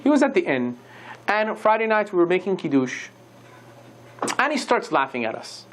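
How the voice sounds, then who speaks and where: A lecturer voicing a shaken innkeeper man confessing his doubts, hesitant and halting. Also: medium pitch, sing-song, slight background noise, lightly acted. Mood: confessional.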